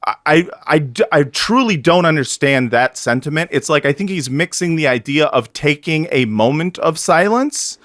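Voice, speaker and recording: A man hosting a casual podcast, talking in a halting way full of fillers and restarts, often laughing. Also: a little high, lively intonation, fairly bright tone, dry recording, clean studio sound. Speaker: podcast host.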